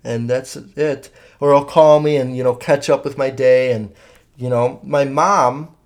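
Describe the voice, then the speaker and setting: A man's voice: mid-range voice, steady tone, unhurried. A young man hosting a solo podcast from a room at home, rambling casually, swearing freely and correcting himself as he goes. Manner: rambling, profane, self-correcting. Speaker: podcast host. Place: home room, partly soundproofed.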